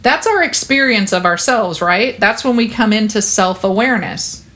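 A woman's voice: medium pitch, expressive, normal speed, fairly bright tone. Woman, parenting guest; earnest, reassuring, conversational. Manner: earnest, reassuring, talks with many fillers. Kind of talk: conversational interview.

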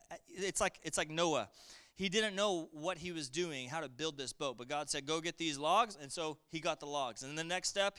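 Middle-aged guy pastor preaching, chatty and fired up, bright smooth voice. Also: fairly high pitch. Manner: energetic, conversational preaching with call-outs to the congregation. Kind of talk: sermon.

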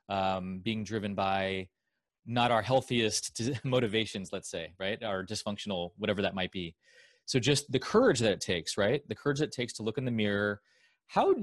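Low-voiced male podcast host, dry sound. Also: dry recording. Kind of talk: reflective interview talk.

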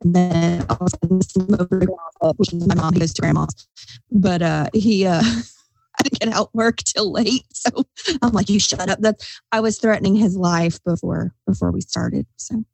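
A woman's voice: on the low side, moderate pace, gravelly, darkish tone, no echo, faint music behind, poor audio. Chatty woman podcast host, dry close sound. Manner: chatty, frank, joking. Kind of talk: casual podcast chat.

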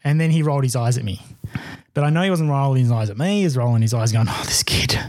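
A man's voice: medium pitch, very fast, no echo. A young Australian man co-hosting a podcast, telling a story in casual chat and acting out what people said. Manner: animated storyteller, acts out quotes, laughs. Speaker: podcast co-host.

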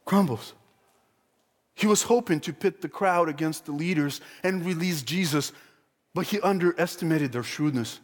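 A man preaching a sermon, emphatic and animated, acting out the voices in the story he retells. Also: a little high, moderate pace. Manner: emphatic, animated, acts out quoted crowd and Pilate. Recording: long hall reverb.

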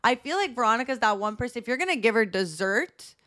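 A woman's voice: on the high side, sing-song, fast talker, bright, forceful tone. A young woman co-hosting a podcast, chatty and playful, with lots of "like" in her speech. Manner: chatty, full of "like", playful banter. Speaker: podcast co-host. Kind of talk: casual chat.

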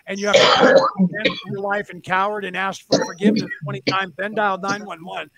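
Fast-talking high-voiced man telling stories. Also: vocal fry, crowd noise. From California. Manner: animated storyteller who acts out quotes. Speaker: podcast co-host. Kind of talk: casual stoned chat.

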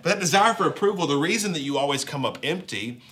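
A man's voice: on the high side, expressive, fast talker, fairly bright tone, a little hiss or hum. A man with a Southern accent, preaching a sermon in a conversational, joking way with playful asides. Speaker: pastor.

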